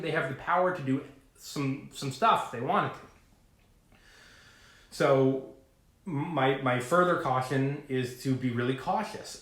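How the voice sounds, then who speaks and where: A man vlogging to camera about trading, talking in a rambling, animated way full of fillers and asides. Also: mid-range voice, reverberant. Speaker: finance vlogger. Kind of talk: casual talking-to-camera rant.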